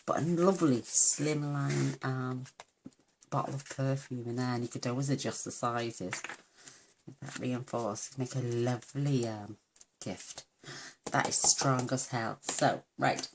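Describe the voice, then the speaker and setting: A woman's voice: rumbling low, noisy background. A woman giving a chatty, homely papercraft tutorial at her craft table, full of self-deprecating asides. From United Kingdom. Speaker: papercraft demonstrator.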